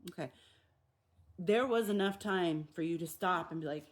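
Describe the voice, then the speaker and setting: Animated woman with a lilt. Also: on the low side, normal speed, long pauses. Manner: animated, acts out quoted voices. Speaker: recovery meditation host. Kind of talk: casual spoken reflection.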